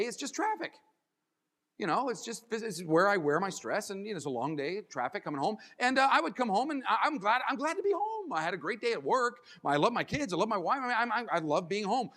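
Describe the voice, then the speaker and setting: A man giving a keynote as a motivational speaker, animated and acting out little scenes and voices. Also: sits high, big-room sound. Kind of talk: keynote speech. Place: large conference hall.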